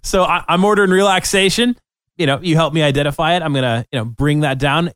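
A man in a casual chat who laughs easily and talks in a relaxed way. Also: fairly high pitch, quick pace, clear, resonant tone, no room sound, studio quality.

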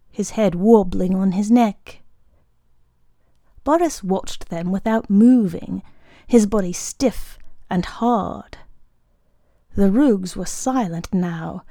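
A woman narrating a short story aloud in a calm, measured way. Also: medium pitch, no echo, studio quality. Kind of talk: audiobook reading of a short story.

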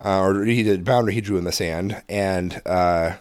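A man's voice: sits low, normal speed, smooth, no echo, clean studio sound. A man in his thirties chatting on a podcast, rambling and restarting his sentences with a chuckle. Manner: rambling, self-correcting, chuckling. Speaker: podcast co-host. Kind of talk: casual chat.

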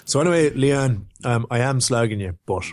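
A man's voice: mid-range voice, expressive, normal speed, darkish tone. A young man, chatting and joking on a podcast, rambling with lots of filler words. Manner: rambling, jokey, full of "like" and "um". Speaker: podcast co-host. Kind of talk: casual chat.

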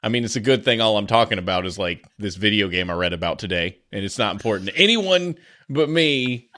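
Goofy man with a lively, swinging pitch. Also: fairly quick. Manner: goofy, excitable, laughs easily. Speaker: podcast co-host. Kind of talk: casual chat.

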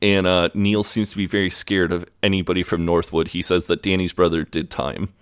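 A man recapping a TV episode on a casual podcast, retelling scenes in a relaxed way. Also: low voice, a little fast, smooth, no room sound, clean studio sound. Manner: relaxed retelling, quoting characters in plain voice. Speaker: podcast co-host.

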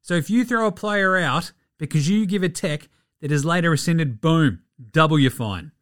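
A man's voice: on the high side, expressive, normal speed, fairly bright tone. A man with an Australian accent hosting a basketball podcast, talking casually with blunt, profane rants. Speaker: podcast host. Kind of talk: casual sports talk.

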